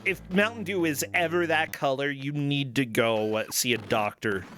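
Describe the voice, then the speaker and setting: A man's voice: mid-range voice, normal speed, soft background music. A man hosting a casual game stream, commenting playfully on the action and cracking jokes. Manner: playful, jokey, animated. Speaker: stream host.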